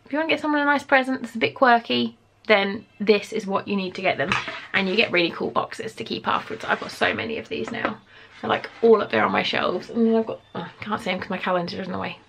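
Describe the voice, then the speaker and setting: A woman in her thirties chats through an unboxing at home, gushing and excitable, her voice slipping between bright exclamations and low mutters. Her tone has a gravelly fry to it. A faint hiss sits under the recording. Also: fast. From England. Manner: gushing, excitable, with sudden gasps and soft mutters. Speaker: vlogger. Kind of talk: casual unboxing chat. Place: home room.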